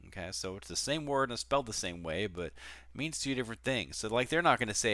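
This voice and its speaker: A man's voice: lowish voice, expressive, quick pace, sharp tone, no room sound, clean studio sound. A man teaching a recorded online class as a flight instructor, explaining casually with frequent fillers and restarts.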